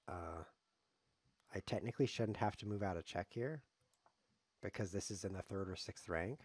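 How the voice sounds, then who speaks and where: A man's voice: lowish voice, a little mellow, breathy edge, no room sound. A man streaming live chess, commenting on his games in a sarcastic, joking way as he plays. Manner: sarcastic, joking, talks to himself while playing.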